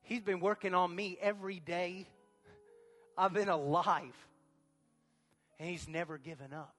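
A man preaching a sermon as pastor of a church, moving from quiet talk to shouted passages. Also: sits high, fairly even intonation, measured pace, big-room sound, faint music behind.

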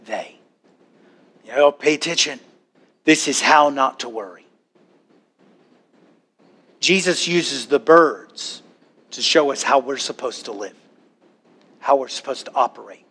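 A man preaching a sermon to a church congregation, animated, now and then acting out worried voices. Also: on the high side. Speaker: pastor.

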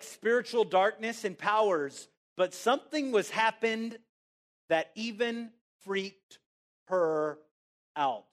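A man preaching a sermon in church, animated and casual, asking the congregation questions and answering them himself. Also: sits high. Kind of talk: interactive sermon.

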